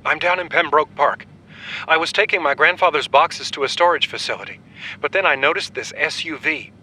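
A man's voice: fairly high pitch, a little fast, sharp tone, breathy edge, voice pushed up, exaggerated voice, rough recording. A man voicing a frightened young woman who pleads anxiously over the phone.

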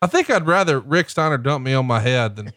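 Brief: mid-pitched man, sarcastic crude commentary, dry close sound. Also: lively intonation, brisk, fairly bright tone, dry recording. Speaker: podcast co-host watching wrestling. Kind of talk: casual profane commentary.

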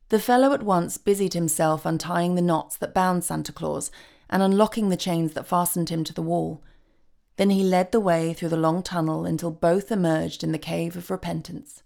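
A woman narrating a storybook in a steady, measured reading voice. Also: on the low side, creaky.

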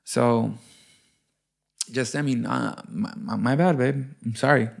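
A man with a gravelly, fry-tinged voice talks with his wife. He speaks haltingly and in a conciliatory way, with many hesitant fillers. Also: mid-range voice. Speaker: podcast co-host. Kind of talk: candid couple conversation.

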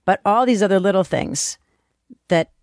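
A woman's voice: medium pitch, normal speed, darkish tone, no room sound. Stressed woman talking plainly, dry sound. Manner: brief agreeing, talks plainly about practical tasks. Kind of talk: casual conversation.

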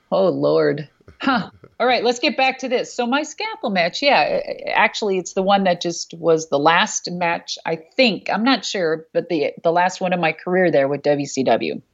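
A woman's voice: lowish voice, gravelly, lo-fi sound. A woman hosting her own talk show, telling wrestling stories in a casual, blunt way, swearing freely and laughing often. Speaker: show host and former wrestler. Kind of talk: casual chat.

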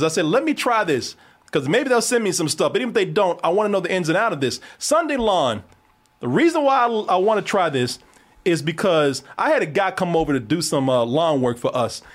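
A man hosting a podcast, chatting casually about a movie, animated and profane, laughing often. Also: high voice, fast. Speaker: podcast host. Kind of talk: casual movie review chat.

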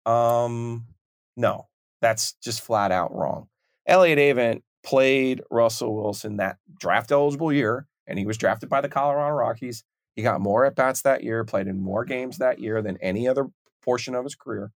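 A man hosts a sports podcast in a measured, conversational manner, his pitch sitting in an ordinary middle range. The recording is close and dry. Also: no echo. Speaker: podcast host.

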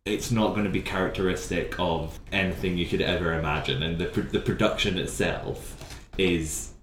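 A man, co-hosting a podcast in a casual chat about musical theatre, chatty and quick to jump into high notes. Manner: chatty, animated, bursts into high sung notes. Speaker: podcast co-host. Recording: echoey room, faint background noise.

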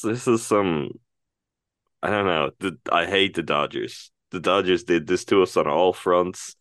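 A male podcast co-host in casual chat, groggy and just awake, talking in a rambling, halting way. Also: deep voice, smooth, no echo, clean studio sound.

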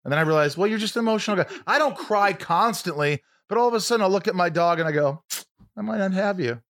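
A man's voice: high voice, animated, very fast, fairly bright tone, no room sound, clean studio sound. A man hosting a podcast, casual and jokey, interviewing his guest. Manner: jokey, emotional, cracks puns. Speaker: podcast host.

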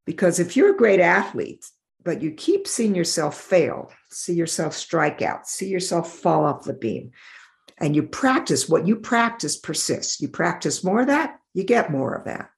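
A middle-aged woman in a podcast interview, telling stories in an animated way and acting out the voices of the people in them. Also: lowish voice, measured pace, vocal fry. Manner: animated, acts out voices in her anecdotes. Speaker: developmental optometrist.

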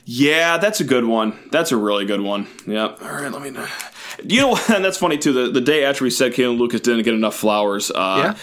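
A man co-hosting a casual sports podcast, animated and self-mocking, with his voice jumping up and down as he riffs. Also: fairly quick. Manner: animated and self-mocking, with big pitch swings. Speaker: podcast co-host.

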